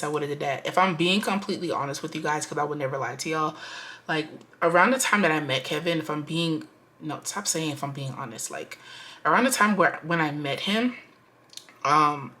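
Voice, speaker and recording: Low-voiced chatty woman vlogger. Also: pushed and bright, a little hiss or hum. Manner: rambling, casual, lots of "like" fillers. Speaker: budgeting vlogger. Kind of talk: chatty storytime vlog. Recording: music playing behind.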